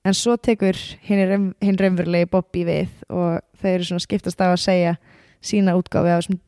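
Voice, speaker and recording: A woman on a podcast tells a story to her co-host in a chatty, casual way. Her voice is warm and mellow. The sound is dry and close. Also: lowish voice, little pitch movement, fast, dry recording.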